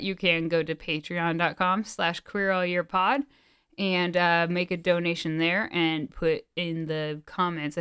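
A woman's voice: fairly low pitch, fairly bright tone, smooth, no echo, clean studio sound. Breathless woman podcaster with twang. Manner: rambling with many fillers. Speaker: podcast co-host. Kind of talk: casual podcast chat.

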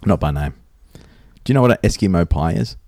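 A man's voice: low voice, animated, fairly quick, creaky, a little mellow, no echo, clean studio sound. A man co-hosting a podcast, joking, swearing and laughing as he tells stories in casual banter. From Australia. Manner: swearing, laughing, jokey storyteller. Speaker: podcast co-host.

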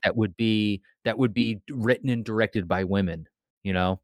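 A man co-hosting a horror movie podcast who speaks in a halting, thoughtful way and often repeats his words. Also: fairly low pitch, no room sound. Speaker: podcast co-host. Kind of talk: casual chat.

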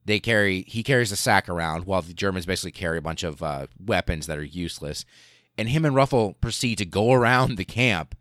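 A man hosting a podcast, telling a history story in a casual, animated way with profanity and lots of fillers. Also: deep voice, a little fast, dry recording, clean studio sound. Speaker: podcast host.

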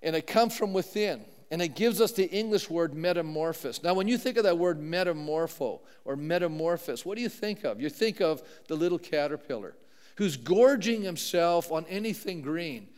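A man's voice: on the high side, lively intonation, normal speed, a little mellow. A middle-aged man preaching a sermon as pastor, telling a personal story in a conversational way with many asides, recorded in a church sanctuary. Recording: long hall reverb.

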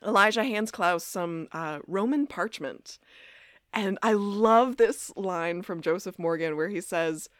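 A woman co-hosting a podcast, recapping scenes in a chatty way, laughing often and quoting characters in a lower voice. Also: a little slow, no room sound, clean studio sound. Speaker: podcast co-host. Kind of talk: casual recap chat.

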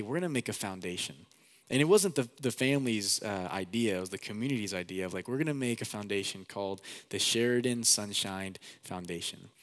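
A man's voice: lowish voice, fairly bright tone, big-room sound. A young man preaching a sermon as pastor, earnest and conversational, with many casual fillers.

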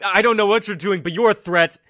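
A man voicing an alarmed, commanding man who shouts orders and questions. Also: high-pitched, fairly quick, no echo, voice pushed up. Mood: shouting, alarmed.

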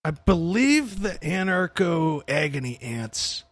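A man's voice: fairly high pitch, big pitch swings, slow pace, a bit bright, no room sound. A young man hosting a casual podcast chat, laid-back and swearing freely, often calling his co-host "dude".

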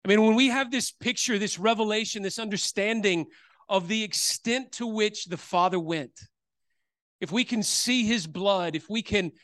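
A man with a high voice tells a personal story as part of a sermon, with plenty of fillers and restarts. He is recorded dry and close, with almost no room sound. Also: moderate pace, fairly bright tone, no room sound. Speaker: preacher. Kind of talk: sermon testimony.

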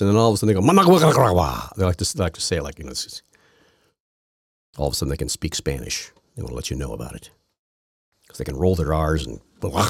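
A man's voice: a bass voice, a little mellow, slightly rough, no room sound, clean studio sound. A man hosting a political podcast, talking in a rambling, sarcastic way with many restarts. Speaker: podcast host. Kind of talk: casual political commentary.

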